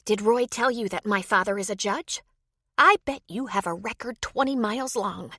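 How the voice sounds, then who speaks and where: A woman's voice: medium pitch, moderate pace, pushed and bright, breathy edge, no room sound, studio quality, pitched above the performer's own voice. A woman voicing a spirited young wife who confronts others sharply and angrily. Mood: threatening.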